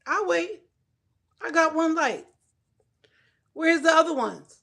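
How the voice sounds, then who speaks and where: High, gravelly-voiced woman livestreaming. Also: expressive, measured pace. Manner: loud, joking, profane, talks back to the chat. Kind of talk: casual livestream chat with viewers. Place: at home, in her bedroom.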